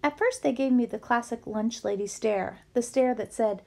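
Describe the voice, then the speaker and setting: A woman reading a children's novel aloud with lively storytelling. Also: a little high, normal speed, gravelly, hardly any pauses. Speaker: book reader.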